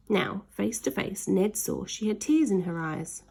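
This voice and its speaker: Slow, expressive woman storyteller, husky voice. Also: mid-range voice. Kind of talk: children's story read aloud.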